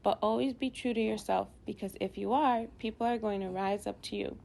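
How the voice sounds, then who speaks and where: A woman reading an audiobook, voicing a caring mother who talks gently and encouragingly to her middle-school son. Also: medium pitch, fairly even intonation, fairly quick, gravelly, natural voice. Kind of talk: audiobook dialogue.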